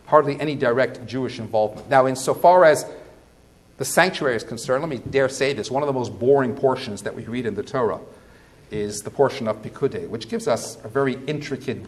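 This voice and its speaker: A male rabbi giving a sermon, emphatic, posing rhetorical questions, swinging between quiet and loud passages. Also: mid-range voice, brisk.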